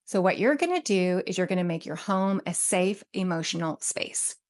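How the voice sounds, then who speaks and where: A woman with a social work background giving parenting advice to camera in a calm, steady coaching tone, often checking in with "right?". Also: on the low side, normal speed. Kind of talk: direct-to-camera advice talk.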